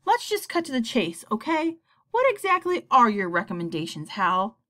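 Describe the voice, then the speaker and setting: A woman voicing an uneasy, gruff father. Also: a little high, big pitch swings, normal speed, pushed and bright, pitched above the performer's own voice. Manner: gruff, trying to smooth things over. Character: uncomfortable father, gruff but placating.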